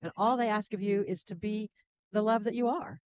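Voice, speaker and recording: Gentle woman spiritual channel. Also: mid-range voice, fairly quick, noisy background. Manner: gentle, laughs softly between thoughts. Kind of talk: casual interview chat.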